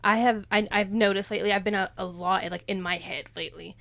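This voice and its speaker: A woman's voice: medium pitch, steady tone, fast talker, creaky, fairly bright tone. A young woman, rambling and emotional as she opens up in a casual faith chat, laughing often. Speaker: podcast co-host.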